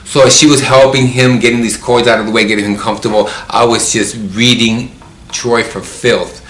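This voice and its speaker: A man's voice: medium pitch, flat delivery, moderate pace, fairly bright tone. A man telling a personal story in an emotional, reflective way. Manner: emotional, reflective, acts out remembered dialogue. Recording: roomy with faint background noise.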